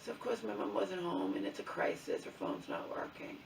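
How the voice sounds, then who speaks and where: A woman's voice: lowish voice, big pitch swings, brisk, creaky, slight background noise. A middle-aged woman vlogger telling an angry personal story with lots of swearing, often asking "okay?" and "you know?". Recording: distant mic in an echoey room.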